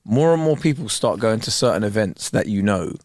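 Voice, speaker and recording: Jokey man with lively pitch. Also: brisk, dry recording, studio quality. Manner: laid-back, jokey, rambling. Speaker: podcast co-host. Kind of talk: casual chat.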